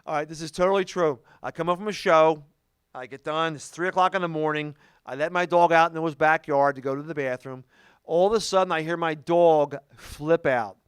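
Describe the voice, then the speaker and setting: A man with a fairly high, smooth voice tells jokes in a stand-up set, recorded dry and close. He delivers punchy stories, with frequent "okay?" asides to the crowd. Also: fairly quick, no echo. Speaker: stand-up comedian. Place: comedy show before a live audience.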